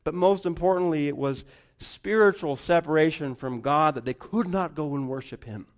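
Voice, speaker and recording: A man preaching a sermon, rising to loud emphatic lines and dropping to near-whispers. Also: fairly high pitch, normal speed. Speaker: pastor.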